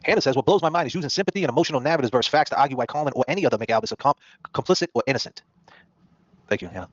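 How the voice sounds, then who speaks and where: A man rattles off his true-crime commentary at breakneck speed, his pitch swinging widely as he acts out quotes. The sound is dry and a little dull, like a low-fi stream. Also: no echo. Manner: rapid, animated, acts out quoted people in put-on voices. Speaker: podcast host.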